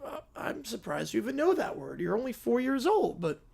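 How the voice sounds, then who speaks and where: A man's voice: very high voice, sing-song, fairly quick, creaky, darkish tone, breathy edge, full character voice. A man voicing a tired, wary motel owner who speaks politely to noisy children. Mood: weary. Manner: weary, polite.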